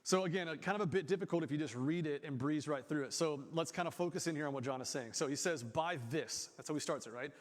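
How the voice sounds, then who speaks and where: A man's voice: fairly high pitch, fast, few pauses, in a large hall. A man preaching a sermon as pastor, in a casual, conversational way, acting out quotes in his own voice. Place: church.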